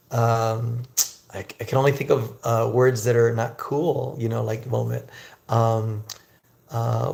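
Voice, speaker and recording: Male English teacher on a livestream, unhurried pronunciation drills, gravelly voice. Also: mid-range voice, darkish tone. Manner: slow, drawn-out pronunciation drills; chatty, greets viewers.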